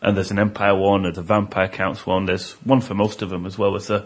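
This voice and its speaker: This is a man with a fairly low voice speaking on a relaxed gaming podcast. He explains things in a calm, informative way. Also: fairly quick, husky. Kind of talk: casual chat among tabletop gamers.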